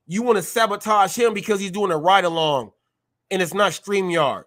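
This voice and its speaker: Fired-up guy ranting on his live show, kinda high voice, keeps repeating himself. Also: lively intonation, normal speed, bright, forceful tone. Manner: combative, challenging viewers; repeats phrases for emphasis. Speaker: live-stream show host. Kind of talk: heated live-stream rant.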